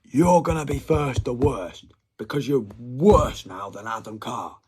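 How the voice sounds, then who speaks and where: A husky-voiced man rants with heavy swearing. He drops into breathy whispers, then flares up loud, with a middle-range pitch throughout. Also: lively intonation, measured pace. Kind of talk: profane threatening rant.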